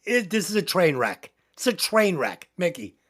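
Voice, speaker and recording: A woman's voice: fairly low pitch, very animated, normal speed. A woman co-hosting a comedy movie review podcast, ranting bluntly and swearing constantly in casual chat. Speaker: podcast co-host.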